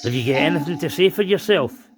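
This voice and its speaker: A man's voice: a little high, lively intonation, fast talker, noisy background. A man hosting a paranormal spirit box session, questioning the spirit in a stern, accusing way. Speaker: paranormal investigator host.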